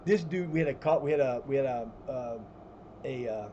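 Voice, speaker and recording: A man spins long, rambling stories on a live stream, his voice mellow and darkish. He restarts sentences often and swears freely. The audio is slightly dull, with a faint hiss behind him. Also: mid-range voice, moderate pace. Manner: baby talk to his cat. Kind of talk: casual storytelling while gaming.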